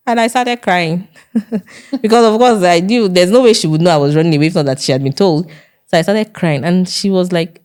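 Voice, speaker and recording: A woman with a Nigerian accent and a notably low voice tells her own story as an interview guest. She speaks earnestly, often repeating herself and acting out the dialogue she remembers. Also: fairly quick, a little mellow.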